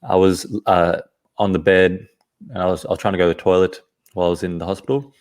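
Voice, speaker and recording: A man, a podcast guest, telling a personal story in an earnest, halting way, often restarting his phrases. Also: sits low, steady tone, a little mellow.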